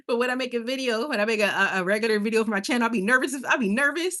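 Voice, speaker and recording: A chatty woman hosting a late-night livestream, talking straight to viewers and reading out their comments. She laughs a lot and stumbles over her words, with an easy, tired warmth in how she rambles. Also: fairly high pitch, very fast, few pauses. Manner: chatty and animated, laughs often, stumbles and restarts.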